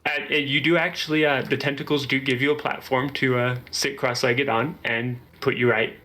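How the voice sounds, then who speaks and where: A man narrating as game master of a tabletop game in a relaxed way, with filler pauses. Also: mid-range voice, rough recording.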